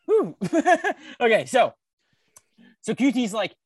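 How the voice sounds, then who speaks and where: A man's voice: very high voice, sing-song, drawn-out words, pauses often, husky, dry recording. A man co-hosting a podcast in casual chat, rambling through a crude, profane story and often cracking up laughing. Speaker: podcast co-host.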